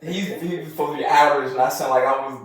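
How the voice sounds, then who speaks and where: A man guest in an interview, telling lively stories with plenty of laughter and acted-out quotes. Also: fairly high pitch, fast, distant mic. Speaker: interview guest, actor and model. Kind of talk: casual storytelling interview. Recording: echoey room, voice a bit off-mic.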